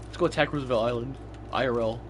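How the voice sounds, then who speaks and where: A man's voice: medium pitch, very fast, slight background noise. A young man chatting casually while gaming, swearing freely and laughing through his stories. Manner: profane storytelling, laughs often.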